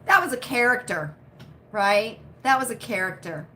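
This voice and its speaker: Her voice is on the high side with a sharp tone, expressive but at a moderate pace, as this U.S. livestream host chats casually with her viewers. She tends to repeat herself, throws in frequent "right?" tags, and laughs often.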